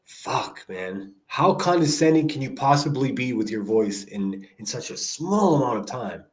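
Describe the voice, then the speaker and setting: A man's voice: mid-range voice, expressive, normal speed. A man hosting a livestream, giving blunt, rambling commentary full of swearing. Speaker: livestream host. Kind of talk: profane casual commentary.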